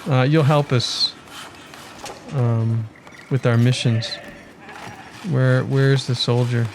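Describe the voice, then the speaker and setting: A man's voice: medium pitch, fairly even intonation, slow, background noise. A man giving casual commentary on his city-building game, thinking aloud and chatting to his villagers as he plays. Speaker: let's play gamer.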